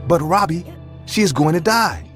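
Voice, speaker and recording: A man's voice: on the high side, expressive, moderate pace, soft background music, pitched above the performer's own voice, close to an everyday voice. A man playing a frightened ten-year-old boy. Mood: alarmed. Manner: alarmed, pleading. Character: scared ten-year-old boy, the narrator's younger self.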